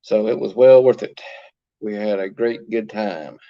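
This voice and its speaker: A man's voice: fairly low pitch, fairly even intonation, unhurried, muffled recording. A man hosting a casual livestream from his phone, chatting and greeting viewers by name as he answers their comments. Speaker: livestream host.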